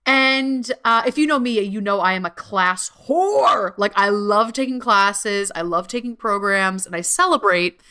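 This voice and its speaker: A woman's voice: a little slow, few pauses, smooth. A woman hosting a podcast alone, chatting casually with lots of swearing and filler words. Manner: animated, with sudden jumps up in pitch. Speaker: podcast host. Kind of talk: casual solo podcast monologue.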